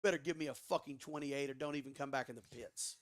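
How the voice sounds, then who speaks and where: A man voicing a short-tempered male crew chief who gives gruff, profane orders. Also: mid-range voice, quick pace, no room sound, studio quality, voice pushed down, natural voice. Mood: angry. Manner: gruff, bossy, swearing.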